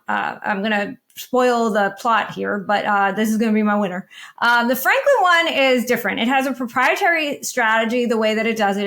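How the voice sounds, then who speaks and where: A woman's voice: on the high side, fairly bright tone. A woman judging on a panel, giving matter-of-fact analysis in a casual discussion, with frequent ums and uhs. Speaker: guest judge analyzing funds.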